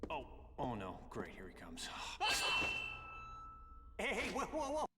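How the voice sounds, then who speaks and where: Brief: a flippant young messenger, high and bouncy, in a roomy, reverberant game cutscene. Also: male voice, wildly swooping pitch, takes it slowly, very noisy, full character voice. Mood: nervous. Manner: flippant, jokey, easily amused. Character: wisecracking young male messenger, cheeky. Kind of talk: video game cutscene acting. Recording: roomy long reverb, faint game ambience.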